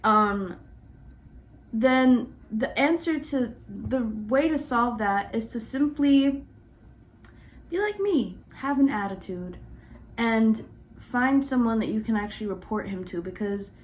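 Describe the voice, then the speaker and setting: A young woman in her twenties who vlogs in a chatty, animated way, full of exasperation and fillers. Her voice is fairly high for a woman. She tells her story casually to camera. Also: unhurried. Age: 20s. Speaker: vlogger.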